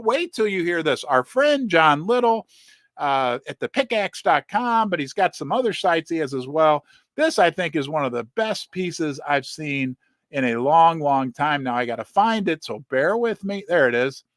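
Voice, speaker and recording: A lively man talking through market news, his higher voice swinging widely in pitch as he reads pieces aloud and adds sarcastic remarks. The sound is close and dry, with no room echo. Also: moderate pace. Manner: animated, sarcastic asides. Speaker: precious metals commentator. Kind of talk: casual commentary reading articles aloud.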